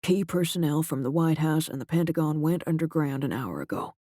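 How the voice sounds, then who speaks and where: A male narrator voicing a shaken agency director who speaks in a quiet, halting, grave way. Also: fairly high pitch, expressive, no room sound, studio quality. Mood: grim.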